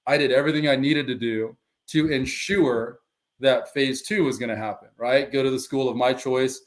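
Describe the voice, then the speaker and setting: A middle-aged man telling his own story on a podcast, acting out quoted dialogue with animated shifts. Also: medium pitch, normal speed. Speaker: guest, former pro football player and life coach.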